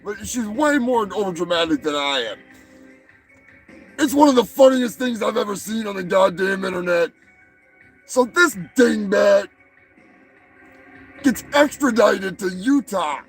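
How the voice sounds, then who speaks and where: Male host, high-pitched gravelly voice, slow, profane, rambling, faint music behind. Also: lively intonation, poor audio. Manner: profane, meandering, stumbles and repeats words. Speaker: show host. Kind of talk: rambling comedic commentary.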